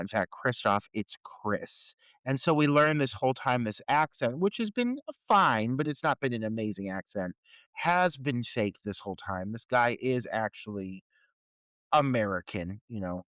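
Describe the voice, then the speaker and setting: A male podcast co-host picks apart a movie's plot holes with swearing and incredulous energy. His pitch rises and falls in lively swings. The sound is dry and close. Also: no echo. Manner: incredulous, profane, ranting about plot holes. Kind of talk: casual film review chat.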